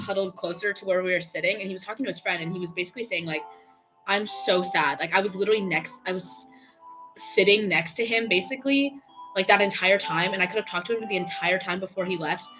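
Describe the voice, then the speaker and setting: A young woman telling a long, excitable story on a painting stream, chatty and full of fillers and quoted dialogue. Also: mid-range voice. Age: young adult.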